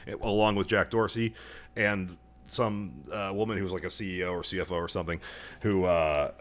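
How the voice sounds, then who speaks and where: This podcast co-host has a deep, slightly bright voice with a steady tone, and he talks fairly quickly. Chatting casually, he meanders through his points, keeps restarting and swears without restraint.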